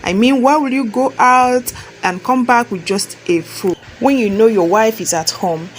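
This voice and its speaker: A woman's voice: fairly high pitch, moderate pace, a little hiss or hum, lightly acted. Nigerian accent, young wife, cheeky, mocking, stubborn, read by a woman. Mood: sassy. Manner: sassy, mocking.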